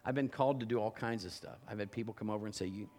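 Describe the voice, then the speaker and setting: A male pastor preaching a sermon with an animated delivery that swings from loud bursts to low, intimate tones. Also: very fast.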